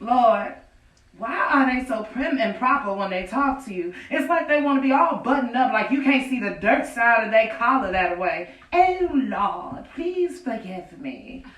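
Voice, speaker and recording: An actress voicing an enslaved widow from the old South pours her heart out to God in a stage monologue, earthy and defiant, with a slow, drawn-out delivery and a raised pitch. The sound is distant and echoey, as if taken from far off at an outdoor stage. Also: lively intonation, fairly bright tone, slight background noise. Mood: wry amusement. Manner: folksy, confiding, breaks into rueful laughter. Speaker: stage actor in a historical monologue. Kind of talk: theatrical monologue, prayer to God. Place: outdoor performance on a farm.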